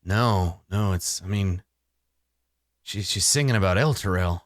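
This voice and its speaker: A man voicing a nervous, shaken male barkeep who talks quietly in halting starts. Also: sits low, no room sound, clean studio sound, pitched below the performer's own voice. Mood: uneasy.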